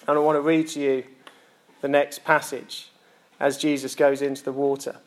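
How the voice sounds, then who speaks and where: Animated Essex preacher in echoey church. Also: male voice, mid-range voice, moderate pace. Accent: Essex English. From Essex, England. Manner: animated, jokey, drops to soft intimate delivery for emphasis. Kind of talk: sermon.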